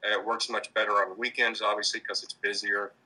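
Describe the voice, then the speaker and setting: Husky low-voiced man, halting answers. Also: little pitch movement, bright, forceful tone, poor audio. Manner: hesitant, many restarts and fillers. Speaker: street performer in mobster costume. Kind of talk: casual interview answers.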